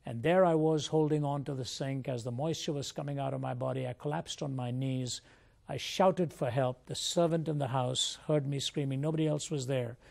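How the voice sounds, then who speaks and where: A man's voice: mid-range voice, fairly even intonation, normal speed, vocal fry, darkish tone. An older man from India, a Christian apologist, telling his life story as an interview guest in an earnest, reflective way.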